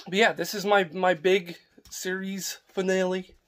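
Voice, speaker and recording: A man's voice: high-pitched, level tone, unhurried, fairly bright tone. A young man talking casually to camera in a homestead vlog, rambling with fillers and restarts. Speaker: homestead vlogger.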